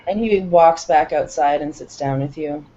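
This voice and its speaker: A relaxed woman narrating a tabletop game as game master, heard on a dull lo-fi recording. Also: sits low, normal speed.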